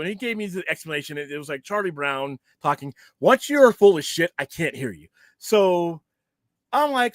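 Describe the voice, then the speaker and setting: A man hosting a casual show, ranting in a heated, profane, animated way. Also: fairly high pitch, moderate pace, no echo, studio quality. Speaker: podcast host.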